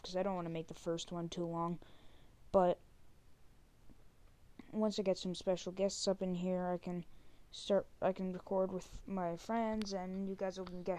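A woman hosting a solo podcast in casual chat. She rambles, uses many fillers, and often trails off into soft, near-unvoiced asides. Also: fairly low pitch, slight background noise. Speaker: podcast host.

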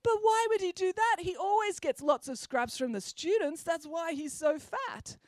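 A woman's voice: very high-pitched, animated, normal speed, darkish tone, dry recording, clean studio sound, pitched above the performer's own voice. A woman voicing a nervous, hapless schoolboy in a storybook reading, hesitant and timid.

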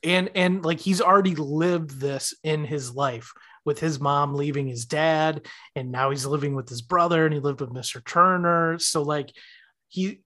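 A man's voice: fairly high pitch, measured pace. A man in his thirties co-hosting a podcast, chatting casually and acting out characters' lines as he retells scenes. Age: 30s. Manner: animated, acts out characters' lines while retelling. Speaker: podcast co-host. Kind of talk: casual chat recapping a TV episode.

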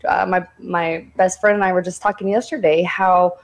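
A woman from Texas with a softened Texas accent, a guest in a casual interview, speaking in a blunt, emphatic, defiant way. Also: on the low side, fairly even intonation, normal speed.

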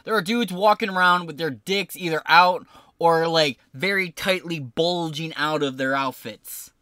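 A man's voice: on the high side, unhurried, bright, forceful tone, smooth, no echo, clean studio sound. A man streaming an angry, profane live reaction to news footage.

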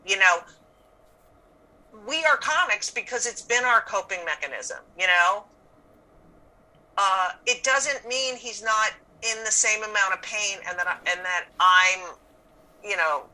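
Bright-voiced blunt woman comic. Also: mid-range voice, poor audio. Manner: blunt, profane, storytelling with acted-out quotes. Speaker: comedian guest. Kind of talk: casual podcast chat.

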